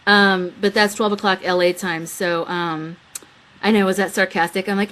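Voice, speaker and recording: A young woman hosts her own live webcam show, talking loosely to her viewers. She giggles often, reads chat messages out, and slips into quick quoted voices when retelling a story. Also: mid-range voice, fairly even intonation, a bit bright. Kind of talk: casual live-stream chat.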